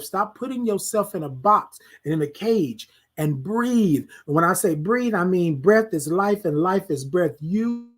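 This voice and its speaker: A man hosts a motivational talk in a high, husky voice. He repeats his lines like a preacher and slips into quiet, murmured self-talk. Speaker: podcast host.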